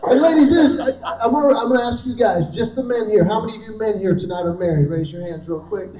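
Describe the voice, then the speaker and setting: Middle-aged male stand-up comic, very high voice, lively story delivery, recorded from afar with a dull tone. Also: fast. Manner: animated storytelling, acting out quoted voices. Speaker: comedian. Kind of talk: live stand-up comedy. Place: dinner event in a large room. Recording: roomy, distant, dull live room sound.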